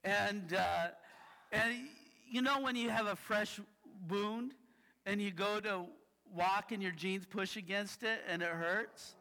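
Bright-voiced pastor in a reverberant hall. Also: male voice, high voice, slow. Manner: casual, tags lines with "right?". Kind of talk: sermon with personal stories.

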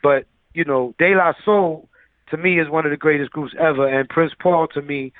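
Man, producer guest, loose storyteller, higher voice, dry phone-like sound. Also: fairly even intonation, normal speed, no echo. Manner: loose, filler-heavy storyteller. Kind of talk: casual interview storytelling. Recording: tinny phone-like line.

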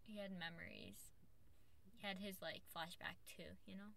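A woman's voice: medium pitch, moderate pace, creaky, a crowd in the background. A woman recapping an anime episode in casual chat, rambling with many fillers. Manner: loose, filler-heavy storytelling with lots of "like".

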